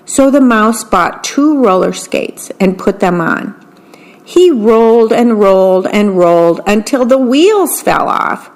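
A woman reads children's bedtime stories at a slow, gentle pace. She describes each picture as she goes, in the calm manner of a volunteer radio reader. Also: a little high. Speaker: volunteer reading-service broadcaster.

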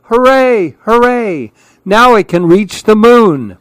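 A man voicing a small, frightened young male monkey with high, panicky cries in a storybook. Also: animated, takes it slowly, a bit bright, clean tone, no room sound, heavily acted. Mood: frantic.

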